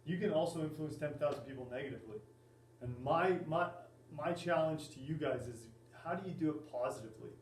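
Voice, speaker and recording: A man, a volleyball coach, giving a class presentation in a halting way with many fillers and restarts. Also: fairly high pitch, slight background noise. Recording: echoey room, mic at a distance.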